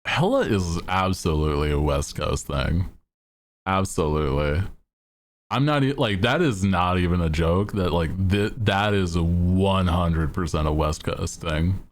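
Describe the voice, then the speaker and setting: A man's voice: deep voice, measured pace. A male streamer chatting casually in a laid-back, slangy way and laughing often.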